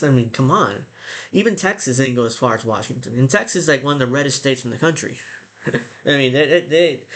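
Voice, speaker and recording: A man giving casual reaction commentary on a video, blunt and animated, swearing and laughing as he talks. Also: mid-range voice, a little fast. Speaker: YouTube commentator.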